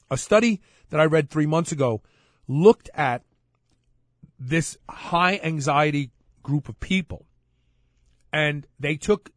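A man's voice: on the high side, no room sound, clean studio sound. A man hosting a talk show, speaking in a casual, rambling monologue with frequent restarts. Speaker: podcast host.

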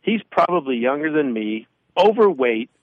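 A man in his fifties talks on radio, animating his stories with quick back-and-forth voices. His voice sits a bit high. The sound is dry and close but somewhat dull and muffled. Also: no room sound. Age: 50s. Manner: animated storyteller, acts out both sides of anecdotes. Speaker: radio show co-host. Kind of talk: casual radio talk.

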